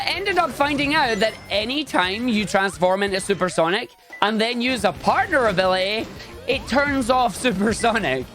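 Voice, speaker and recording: A man giving chatty, excitable, jokey live commentary on his own speedrun. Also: high-pitched.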